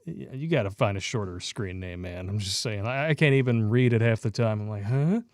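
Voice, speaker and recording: A man's voice: on the low side, brisk, dry recording, clean studio sound. A man co-hosting a casual livestream, reading out donations with crude, joking asides.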